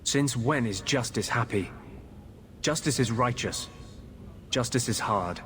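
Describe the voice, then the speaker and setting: A man's voice: mid-range voice, measured pace, fairly bright tone, lightly acted. An actor voicing a brooding male mage haunted by a vengeful spirit, speaking in a grave, intense, earnest way in video game dialogue. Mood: grim.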